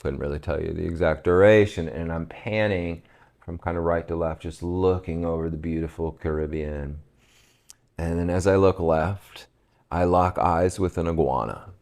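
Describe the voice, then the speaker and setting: Low gravelly guy, chill storytelling, chuckles at himself a lot. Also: normal speed. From West Virginia, USA. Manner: relaxed, reflective storyteller who laughs at himself. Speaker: podcast guest. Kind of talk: casual storytelling conversation.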